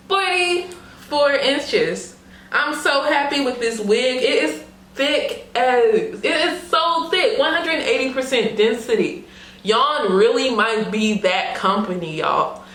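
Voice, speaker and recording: A young woman unboxing a wig for her vlog, excited and laughing, talking casually with lots of slang and fillers. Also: a little high. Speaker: beauty vlogger. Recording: roomy echo.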